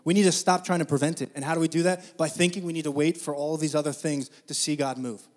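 High-voiced man preaching a lively sermon. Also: quick pace. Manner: energetic, builds to loud emphatic preaching; conversational, addresses the congregation directly. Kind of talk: sermon with storytelling.

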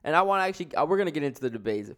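A man's voice: fairly high pitch, big pitch swings, racing, fairly bright tone. A man hosting a solo podcast, talking in a rambling, profane, slang-heavy way while stoned. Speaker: podcast host. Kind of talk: casual solo podcast monologue.

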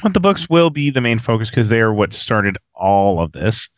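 A man's voice: fairly low pitch, big pitch swings, moderate pace, no echo. Guy hosting a podcast, jokey banter, dull little mic, dry sound. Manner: joking, playful banter. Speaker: podcast host. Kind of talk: casual podcast chat.

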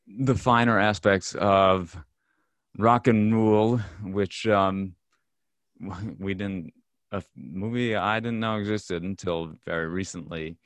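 A man co-hosting a casual podcast about movies, talking in a halting way with many fillers and restarts. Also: deep voice, steady tone, no room sound. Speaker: podcast co-host. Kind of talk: casual film discussion.

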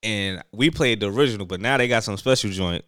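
A man's voice: on the low side, brisk, fairly bright tone, clean tone, no room sound, studio quality. A young man hosting a podcast, telling stories in casual chat, loose and full of slang and fillers. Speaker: podcast host.

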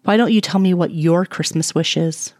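A lovestruck adult man agent, flustered and earnest, halting over his words, as a woman reads him in an audio story. The voice stays fairly low and close and dry. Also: a little mellow, dry recording, natural voice.

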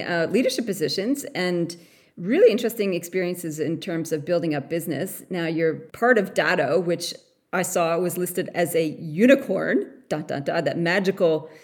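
A woman from Canada hosting a podcast interview over a call, chatty and quick to laugh. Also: lowish voice. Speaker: podcast host. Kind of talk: casual interview chat. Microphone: remote call.

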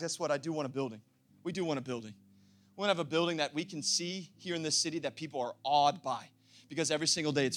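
A young adult pastor delivering an impassioned sermon, often rising to shouting. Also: male voice, fairly high pitch.

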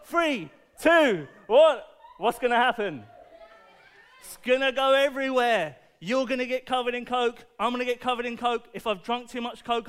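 A man preaching a playful, animated talk to children, asking the audience questions and using object lessons. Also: extremely high pitch, clean tone.

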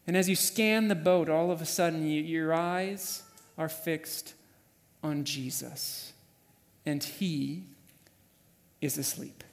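A man preaching a sermon, telling a story vividly and swinging from hushed passages to loud, urgent ones. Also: fairly high pitch, takes it slowly, long pauses, long reverb tail. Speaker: pastor. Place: church sanctuary.

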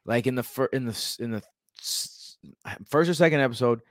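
A man's voice: medium pitch, fairly quick, dry recording, studio quality. A man co-hosting a podcast, chatting casually in a slangy, loose and rambling way. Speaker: podcast co-host. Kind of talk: casual chat.

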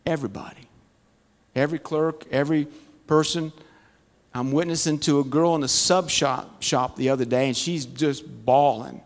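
Folksy preaching man, higher voice. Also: fairly even intonation, moderate pace. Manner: folksy, storytelling with humor. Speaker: Bible study teacher. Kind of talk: conversational sermon. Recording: long church-hall reverb.

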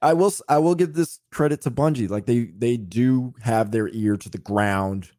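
A man's voice: medium pitch, moderate pace, darkish tone, dry recording, studio quality. A man co-hosting a gaming podcast, chatting casually and animatedly. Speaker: podcast co-host. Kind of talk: casual chat.

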